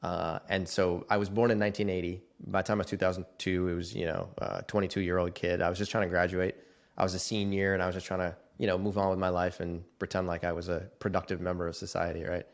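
A man's voice: low voice, little pitch movement, fast, creaky. A man in his forties telling his life story as a guest in a casual interview, acting out the voices of the people he quotes. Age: 40s.

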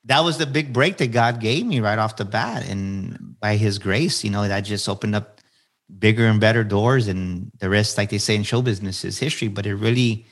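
A man in his forties sits down as a podcast guest, his voice sitting on the low side. He talks earnestly, turns to motivational points, and repeats key phrases so they land. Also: moderate pace. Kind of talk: candid storytelling interview answers.

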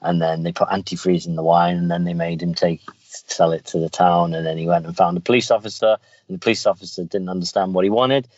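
A man's voice: deep voice, fairly even intonation, fast, darkish tone, no room sound. A man hosting a podcast, chatting casually and rambling through stories with restarts. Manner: rambling, storytelling with many restarts. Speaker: podcast host. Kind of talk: casual chat. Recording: dull lo-fi, faint music.

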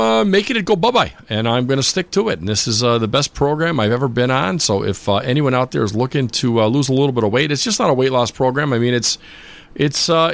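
A male polka show host chats casually on a live stream with a mid-range voice. He rambles and restarts his sentences, filling gaps with filler sounds. His shout-outs to listeners come out upbeat and chatty. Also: medium pitch, creaky.

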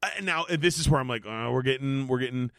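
A man co-hosting a podcast, reacting with quick jokes and asides in casual comedic chat. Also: mid-range voice, fairly bright tone, clear, resonant tone, no echo, clean studio sound. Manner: reactive, quick asides and laughs, very swooping delivery. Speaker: podcast co-host.

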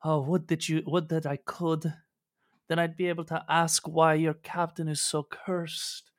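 A man's voice: a little high, little pitch movement, a little slow, pitched above the performer's own voice, close to an everyday voice. A man voicing a lost and fretful woman from under the sea in a tabletop game, speaking in a lamenting, effusive way.

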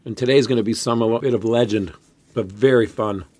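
A man co-hosting a history podcast, talking casually at a middle pitch. He rambles and restarts his sentences as he tells the story, in an easygoing chatty way. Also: fairly even intonation, brisk, darkish tone. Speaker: podcast co-host.

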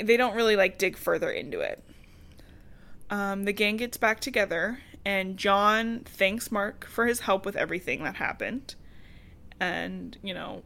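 A woman's voice: mid-range voice, a bit bright. A woman co-hosting a podcast, casually recapping a book in a loose, chatty way with plenty of swearing and laughter. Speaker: podcast co-host.

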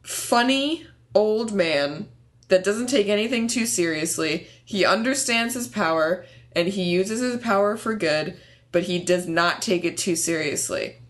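A young woman co-hosting a casual chat, animated and laughing often, ranting with passion. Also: mid-range voice, unhurried.

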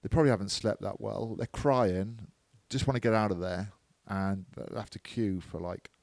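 A man's voice: fairly low pitch, normal speed, gravelly, a little mellow, no echo. A man, chatting on a podcast, teasing and grumbling. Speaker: podcast co-host. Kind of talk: casual chat.

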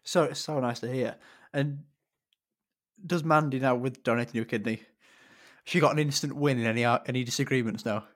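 A man hosts an interview in a mid-range voice. He asks his questions in a relaxed, conversational way. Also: medium pitch, brisk.

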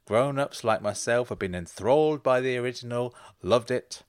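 A man telling a comic story in a dry, deadpan way, building to mock indignation. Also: mid-range voice, moderate pace, clean tone, dry recording. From England.

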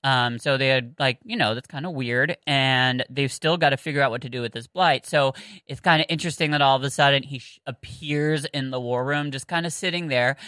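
A woman's voice: extremely low pitch, fairly bright tone, dry recording, low-quality recording. Chatty Southern woman, dry close mic. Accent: Southern American. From American South. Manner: chatty, giggly, lots of fillers and restarts. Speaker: podcast co-host. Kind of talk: casual book-discussion podcast.

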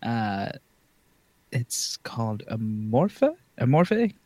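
A man's voice: mid-range voice, big pitch swings, takes it slowly, mellow, no room sound. A man co-hosting a casual podcast, joking around and stumbling over foreign words as he reads out notes. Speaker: podcast co-host. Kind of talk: casual chat.

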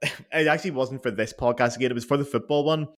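A man hosting a podcast, an animated storyteller who swears casually. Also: medium pitch, fast. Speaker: podcast host. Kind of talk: casual interview chat.

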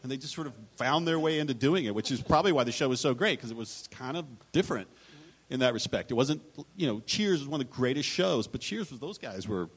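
A man's voice: medium pitch, lively intonation, fast, breathy edge. A man on a live writers' panel, telling anecdotes in a rambling, self-interrupting way and acting out quotes.

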